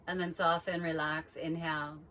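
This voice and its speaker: A woman yoga teacher calmly leading a guided breathing practice with slow, drawn-out cues. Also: low voice, a little hiss or hum.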